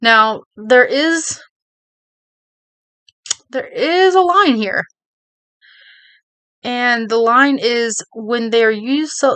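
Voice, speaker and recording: Her voice is fairly high and sharp-toned as this video creator talks casually to camera. She gives her viewers earnest advice but rambles, restarting frequently and peppering it with "you know."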